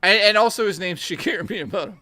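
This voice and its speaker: A man in his forties with a Canadian accent, co-hosting in loose, profane, excitable banter full of restarts. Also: sits high, fast talker, no room sound. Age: 40s. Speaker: podcast co-host. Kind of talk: casual chat.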